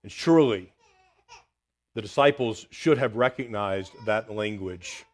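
A man preaching a sermon, reading scripture aloud and dropping quiet and low for the words of God. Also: a little slow. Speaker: pastor.

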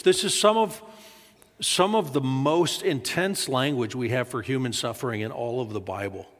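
A male pastor preaches in a loose conversational way, with a voice a little higher than most men. He repeats words as he goes and acts out the quoted lines. His voice rings through a hall with a long reverb. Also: expressive, normal speed, a bit bright. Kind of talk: sermon. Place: church sanctuary.

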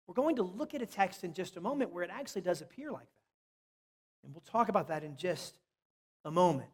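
High-voiced man preaching in a reverberant hall. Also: lively intonation, a little fast, pauses often, husky. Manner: emphatic preaching, repeats key phrases, drops to soft asides. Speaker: pastor. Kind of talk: sermon.

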